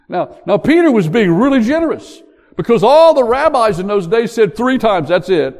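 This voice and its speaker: Animated older man preaching in a reverberant hall. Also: high voice, normal speed. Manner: animated storytelling preacher, jokes with the congregation. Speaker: pastor. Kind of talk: sermon.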